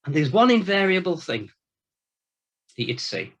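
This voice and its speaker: A male Catholic priest giving an informal Lenten talk, telling stories from his time as a prison chaplain in a lively, colloquial way. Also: sits high, moderate pace. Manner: storytelling, animated anecdotes with quoted voices.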